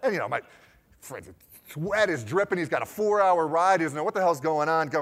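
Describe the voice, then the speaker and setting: A man in his forties giving a talk, telling lively stories and acting out the conversations he recounts. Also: a little high, fairly quick. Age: 40s. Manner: lively anecdotal storytelling, acting out the dialogue he recounts. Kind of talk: storytelling talk. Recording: long hall reverb.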